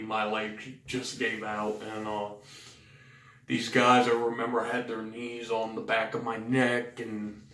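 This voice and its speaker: A man's voice: mid-range voice, a bit bright. A man with a Southern US accent telling his own story to the camera, blunt and profane, rambling with fillers. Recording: roomy sound from a distant mic.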